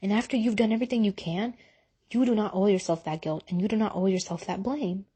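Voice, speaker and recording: A young woman giving a heartfelt, casual motivational talk on faith, speaking earnestly and directly to her listeners with relaxed slang. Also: medium pitch, quick pace, slightly rough. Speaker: Muslim advice speaker.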